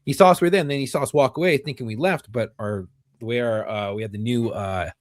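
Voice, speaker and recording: A man hosting a podcast who talks about his own police work in a lively, casual way, cursing freely and laughing along. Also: mid-range voice, fast, no echo, clean studio sound. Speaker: podcast host, former police officer.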